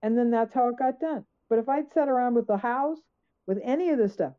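A woman's voice: a little high, fairly quick. Emphatic woman on a tinny phone-like line. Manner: emphatic, acts out her own questions. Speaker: guest author. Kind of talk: conversational storytelling.

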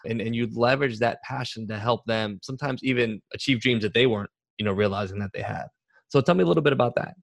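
A man's voice: mid-range voice, quick pace, gravelly, no echo. A male podcast host setting up questions with frequent affirming tags. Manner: asks questions with affirming asides. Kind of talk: podcast interview.

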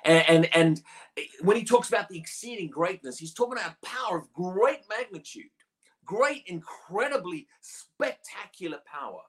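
Preacher for a teaching sermon: animated pitch, emphatic, restarts phrases as points build. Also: moderate pace.

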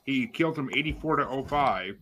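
A man's voice: mid-range voice, a little fast, noisy background. A man hosting a casual group podcast, reading out facts and asking each co-host for a vote. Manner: reads out facts, then polls each co-host.

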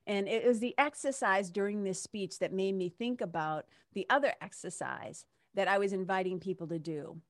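A woman's voice: mid-range voice, dry recording, clean studio sound. A woman in her fifties hosting a show, telling a story in an emotional, casual way and often asking "right?". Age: 50s. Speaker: host. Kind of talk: casual heartfelt monologue.

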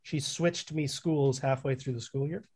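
A man's voice: medium pitch, steady tone, moderate pace, darkish tone, slightly rough. A young man co-hosting a podcast, telling a long story in casual chat, rambling and correcting himself as he goes. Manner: rambling, swears, self-corrects. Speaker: podcast co-host.

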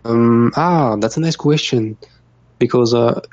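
A young man with a French accent, a musician guest in a casual interview, talking haltingly with many restarts and easy laughs. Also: medium pitch, a little mellow, no echo, dull audio. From France. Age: young adult.

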